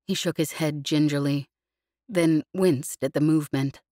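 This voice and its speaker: A woman narrating a novel in a measured, even storytelling voice, read close in a studio. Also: low voice, dry recording. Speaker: audiobook narrator. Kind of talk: scripted narration.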